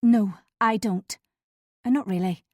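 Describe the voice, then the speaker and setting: A woman reading the lines of a hesitant man who is awkwardly confronting a friend, in a mellow, dry-sounding voice. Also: mid-range voice, normal speed, no room sound, close to an everyday voice. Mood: awkward, guarded. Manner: awkward, faltering.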